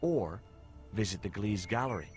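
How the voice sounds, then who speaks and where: Guy doing a dry wry game hero narrating, lowish voice, soft music under it. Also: lively intonation, normal speed, natural voice.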